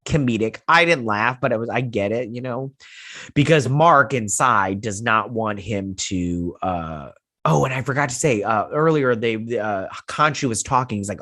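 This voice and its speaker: A man hosting a casual episode recap and review, rambling through it in an animated way and leaning on "he's like" retellings. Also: medium pitch, normal speed, no echo, clean studio sound. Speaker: host.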